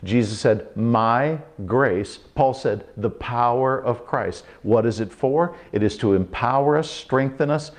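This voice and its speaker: A man preaching a short Bible teaching in a lively way, acting out the quotes with big jumps in pitch. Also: a little slow, hardly any pauses.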